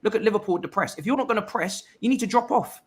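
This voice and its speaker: Animated, argumentative London man. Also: high voice, racing, husky. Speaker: podcast co-host. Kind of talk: casual football chat.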